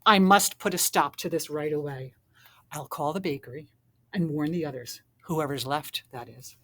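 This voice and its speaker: A woman voicing a proud, excitable male doughnut who talks high and loud when alarmed. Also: normal speed. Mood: worried.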